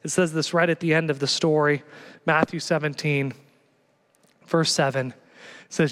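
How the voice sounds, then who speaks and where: A male pastor preaching passionately, swinging from hushed lines to loud exhortation. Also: fairly high pitch, fairly even intonation, normal speed, long pauses. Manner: passionate, builds to shouting exhortations. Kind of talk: sermon. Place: church. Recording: long reverb of a church hall.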